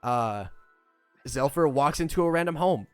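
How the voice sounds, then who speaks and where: A man's voice: a little high, animated, a little slow, clean tone, no room sound, soft background music. Laid-back man running a tabletop game. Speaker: game master.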